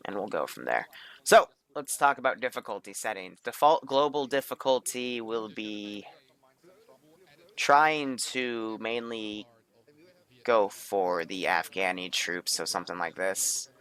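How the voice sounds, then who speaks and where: A man's voice: on the low side, animated, measured pace, a bit bright, smooth. A man running a multiplayer military game session, thinking aloud in an offhand way and swearing casually. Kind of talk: casual gameplay commentary.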